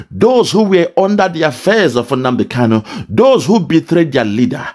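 A man from southeastern Nigeria, giving impassioned video commentary in a forceful, preaching style with heavy repetition. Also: on the high side. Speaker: political commentator.

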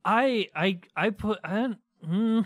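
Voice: mid-range voice, takes it slowly. Hesitant, easygoing podcast co-host. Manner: hesitant, restarts a lot. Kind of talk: casual chat.

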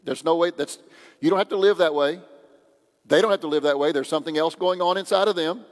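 A pastor with a slightly high voice preaches quickly in a church sanctuary, the recording carrying a long hall reverb. He keeps things conversational and joking, acting out the voices of people he quotes.

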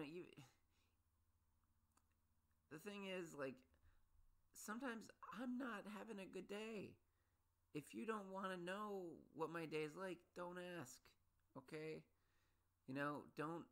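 A man's voice: a little high, sharp tone. A man hosting a solo podcast, ranting about his pet peeves in a rambling, restless way, with many restarts and sudden exasperated peaks. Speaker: podcast host.

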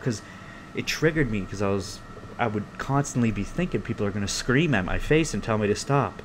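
A young man hosting his own podcast alone, rambling through stories in a casual, profane, animated way. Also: mid-range voice, brisk, a little hiss or hum. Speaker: podcast host. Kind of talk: casual solo podcast rant. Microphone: close podcast mic.

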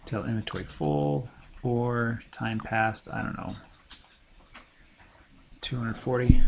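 A man's voice: medium pitch, noisy background. A man hosting a let's play, casually thinking aloud and rambling as he plays. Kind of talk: casual gameplay commentary.

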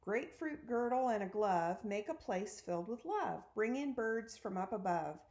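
A woman's voice: medium pitch, expressive, normal speed, a little mellow, close to an everyday voice. A woman reading a storybook aloud, voicing a bold young girl who acts like a princess and gives theatrical commands. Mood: chanting rhymes.

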